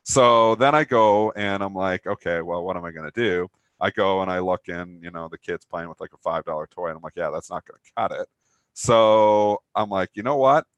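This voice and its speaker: Low-voiced man telling a rambling story. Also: moderate pace, clean tone, no echo, dull audio. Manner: rambling storyteller, many fillers, laughs at own story. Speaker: co-host of a trading talk show. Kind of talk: casual anecdote chat.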